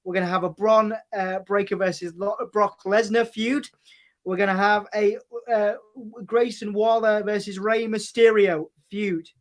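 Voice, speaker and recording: A man's voice: high voice, steady tone. A man guest in a casual online chat, speeding through a list with many fillers. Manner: rapid listing with many fillers. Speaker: guest co-host.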